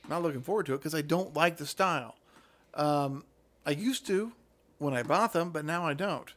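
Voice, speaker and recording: Male podcast host, slightly higher voice, blunt and opinionated, casual swearing. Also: moderate pace, a bit bright. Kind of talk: casual chat about wine.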